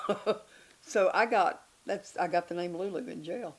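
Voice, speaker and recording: Older woman telling lively stories. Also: on the low side, moderate pace. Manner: lively and self-mocking, laughing between lines. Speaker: interview guest. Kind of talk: candid storytelling chat.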